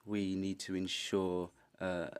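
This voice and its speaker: A man interpreting a panelist's Spanish into English on the fly, halting with many fillers. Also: low voice, little pitch movement, clear, resonant tone. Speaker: conference interpreter. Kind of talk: simultaneous interpretation.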